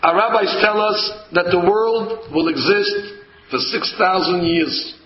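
A man's voice: high voice, a little slow, a crowd in the background. A man teaching a Torah class in sermon style, telling stories and acting out a flustered husband. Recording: echoey, dull lo-fi room recording.

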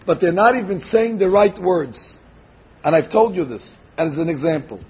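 A man giving a Torah class as a rabbi, animated, slowly sounding out words to show how they should be said. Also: high-pitched, breathy edge. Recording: dull lo-fi recording.

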